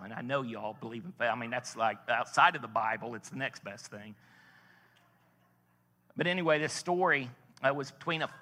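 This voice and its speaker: Bright-voiced man preaching in an echoing hall. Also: medium pitch. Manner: folksy storytelling with rising emphasis. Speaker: pastor. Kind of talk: sermon.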